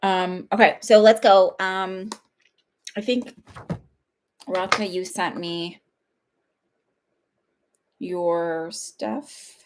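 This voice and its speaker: Woman, 30s, slightly low voice, casual livestream host, chatty and rambling, laughs a lot. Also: fairly even intonation, extremely slow, long pauses, a little hiss or hum. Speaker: psychic medium hosting live readings.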